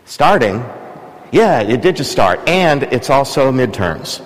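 A male preacher delivers a sermon in a relaxed, conversational way, regularly turning questions back to the congregation. His voice sits at an ordinary pitch for a man. The sound carries a long reverb from a large church. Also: slow.

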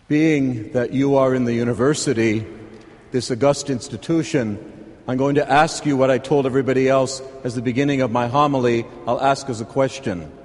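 An older man from California, a priest delivering a homily in an unhurried, conversational way with dry humor. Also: mid-range voice, fairly even intonation, a little mellow. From California, USA. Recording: long reverb of a large church.

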